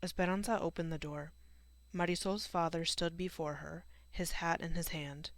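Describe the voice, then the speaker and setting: Gravelly woman reading an audiobook. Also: lowish voice, steady tone, normal speed, no echo. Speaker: audiobook narrator. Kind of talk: scripted narration.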